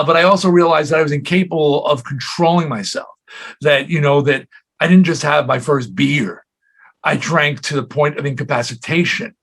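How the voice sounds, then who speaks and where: A man in his sixties, a rock singer telling stories in a casual interview, slipping into quoted voices as he goes. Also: on the high side. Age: 60s. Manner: animated storyteller, jumps into quoted voices.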